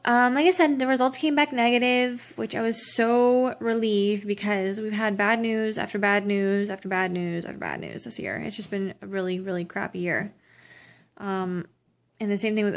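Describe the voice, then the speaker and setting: A young vlogger gives a casual pregnancy update to her camera in a mid-range, slightly bright voice. She sounds tired and exhausted, tearful at times, rambling with restarts and self-corrections.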